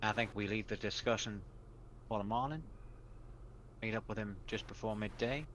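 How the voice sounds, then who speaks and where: A low-pitched man speaks calmly and matter-of-factly as his character in a tabletop game. Faint background hiss sits under his voice. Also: normal speed, rough recording. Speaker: player.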